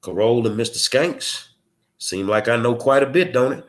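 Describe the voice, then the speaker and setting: Texan man, mid-pitched, blunt and streetwise, combative commentary host. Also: lively intonation, normal speed. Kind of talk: confrontational monologue.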